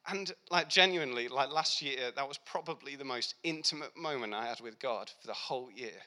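A young man giving a heartfelt personal faith testimony, speaking earnestly and reflectively with pauses and restarts. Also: medium pitch, pushed and bright. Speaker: Christian speaker.

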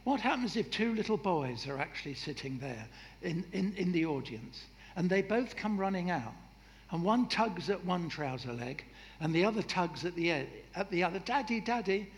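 A man preaching a sermon in a lively, humorous way, acting out voices and jokes. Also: high voice, moderate pace. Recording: echoey hall with faint noise.

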